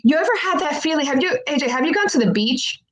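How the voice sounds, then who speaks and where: Woman telling a wild story live, fairly high voice, swears a lot, laughs along. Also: expressive, fast talker, a bit bright, low-quality recording. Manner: frank and profane, laughs through the telling; switches between English and Spanish.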